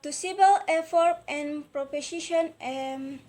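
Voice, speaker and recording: Slow, halting Indonesian-accented young woman. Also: sits high, darkish tone. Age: young adult. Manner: halting, frequent hesitations and restarts. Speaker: university student. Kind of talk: recorded class presentation.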